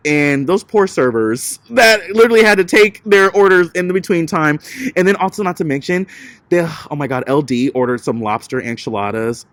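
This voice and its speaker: A man's voice: a little high, a bit bright, dry recording. A man giving a chatty, sassy recap of a reality TV episode, with lots of casual filler words. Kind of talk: casual gossipy commentary.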